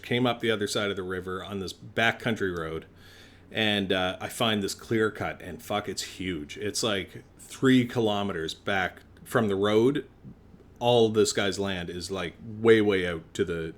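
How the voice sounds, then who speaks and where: A man's voice: lowish voice, moderate pace. A man on a podcast telling a long story in a casual way, swearing often and acting out the people in it. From Canada. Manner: swears a lot, acts out both sides of a phone call. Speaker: podcast co-host.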